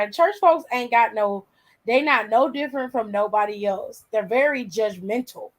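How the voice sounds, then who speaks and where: A woman in her forties, host, telling a story in casual chat, animated and profane, laughing often. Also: medium pitch, normal speed, rough recording.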